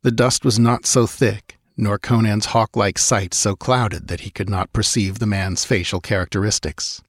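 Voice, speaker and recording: A man narrating an adventure audiobook in a measured, dramatic way. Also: lowish voice, fairly even intonation, slightly rough, dry recording, studio quality. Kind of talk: scripted narration.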